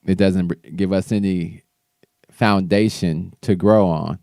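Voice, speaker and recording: Man, low dark voice, loose political commentary, dry close sound. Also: steady tone, unhurried, creaky, no echo. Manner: loose, conversational, with restarts. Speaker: show host.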